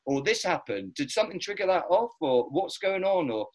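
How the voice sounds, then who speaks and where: Casting: man, middle-aged, higher voice, blunt animated storyteller, casual podcast chat. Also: a little fast.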